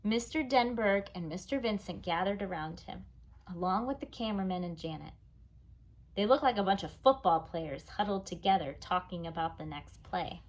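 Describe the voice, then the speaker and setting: A woman reading a children's chapter book aloud, expressive and engaged. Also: mid-range voice. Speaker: reader. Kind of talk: storybook read-aloud.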